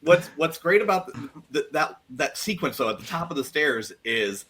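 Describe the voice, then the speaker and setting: A man co-hosting a podcast in casual chat, excited and stumbling over repeated words as he retells scenes. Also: a little high, normal speed, slightly rough. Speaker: podcast co-host.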